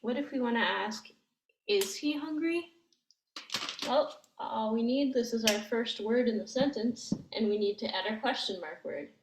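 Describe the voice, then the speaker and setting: A woman teaching a language lesson, explaining gently and step by step with frequent ums. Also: a little high, normal speed, reverberant, rough recording. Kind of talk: slow, patient language lesson.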